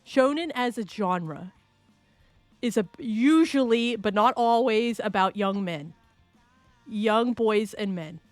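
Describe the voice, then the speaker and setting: A woman's voice: a little high, expressive, slow, dry recording, soft background music. A woman streaming live, chatting casually and playfully, rambling, laughing often and answering her chat.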